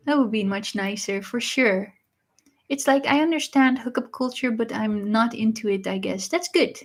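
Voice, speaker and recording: A woman, hosting a casual livestream and answering viewers in a chatty way, often pausing with uh and um. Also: on the high side. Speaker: livestream host reading viewer messages.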